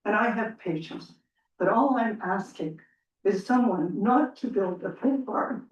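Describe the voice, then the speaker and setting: A woman's voice: medium pitch, a little slow. A woman resident making an earnest, pleading comment at a council meeting, close to tears. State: near tears. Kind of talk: emotional public comment. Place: council chamber. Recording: distant, roomy and dull public meeting recording.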